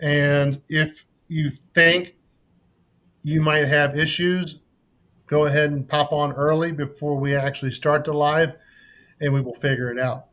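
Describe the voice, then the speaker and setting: A man's voice: on the high side, steady tone, measured pace, a bit bright. A man hosting a live stream, chatting casually and joking with frequent laughs.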